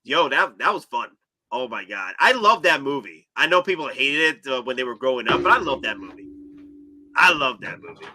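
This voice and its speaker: A man hosting a casual livestream chat, excitable and animated, often breaking into laughs. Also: medium pitch, moderate pace, slight background noise. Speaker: podcast host.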